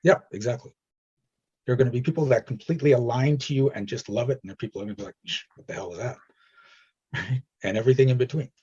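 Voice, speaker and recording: A man's voice: medium pitch, very fast, warm tone, slightly rough, highs cut off. A man leading a coaching session, talking directly and reassuringly and acting out stories in quoted voices. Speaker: energy healing coach.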